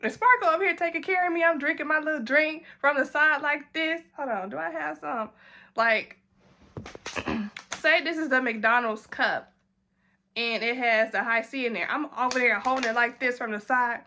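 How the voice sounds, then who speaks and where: A young woman with a bright, fairly high voice, speaking. She tells her story in a casual, animated way, acting out what everyone said and laughing along. It is an easygoing, chatty storytime vlog. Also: moderate pace, a little hiss or hum. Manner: animated, acts out quotes in a high voice, swears and laughs. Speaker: vlogger telling a story.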